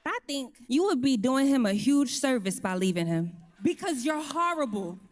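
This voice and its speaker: Blunt, measured woman on a podcast. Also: sits high, very animated. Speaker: podcast panelist. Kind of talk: podcast discussion.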